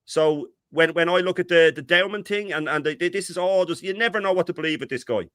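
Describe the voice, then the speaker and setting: A middle-aged man co-hosting a fan talk stream, ranting in an animated, exasperated way. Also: fairly high pitch, fast, dry recording, clean studio sound. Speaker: co-host.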